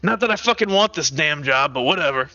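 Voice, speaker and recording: A man doing a gruff, reluctant town master. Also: a little high, expressive, brisk, highs cut off, crowd noise.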